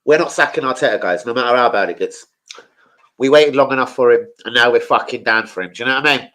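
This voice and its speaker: A man's voice: medium pitch, quick pace, a bit bright. A young man chatting casually about football as a streamer, slangy and sweary.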